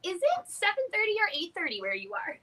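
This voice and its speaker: Woman guest, high lively voice, quiet and hesitant, faint hiss on the line. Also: fast. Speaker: podcast guest. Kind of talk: casual chat.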